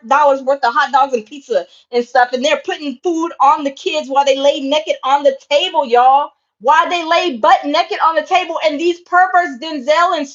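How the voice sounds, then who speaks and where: High-voiced impassioned woman commentator. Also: fairly bright tone, highs cut off. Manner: impassioned, repetitive, keeps addressing viewers as y'all. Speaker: online commentator. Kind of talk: casual livestream commentary.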